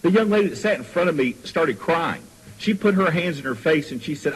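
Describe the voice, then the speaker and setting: A man who is a school superintendent giving earnest, emotional testimony to a state board, telling a story and halting at times. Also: on the high side, lively intonation, slightly rough, poor audio.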